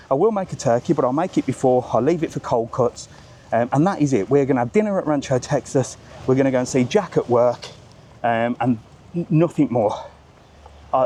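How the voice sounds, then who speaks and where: A man's voice: mid-range voice, a little mellow, slight background noise. A middle-aged man vlogging as he walks outdoors, chatty and ranting, swearing freely. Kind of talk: casual walking vlog. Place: outdoors at a seaside market town.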